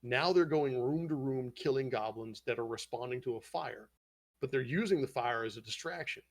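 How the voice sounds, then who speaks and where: Profane, animated male podcast host. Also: medium pitch, normal speed, vocal fry. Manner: profane, animated storytelling retelling scenes. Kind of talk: casual podcast chat.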